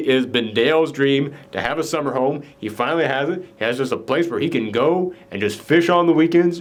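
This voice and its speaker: A man hosting a casual movie review chat, retelling the plot in an animated way with lots of "like" fillers. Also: a little high. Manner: animated storytelling, frequent "like" fillers. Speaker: podcast host.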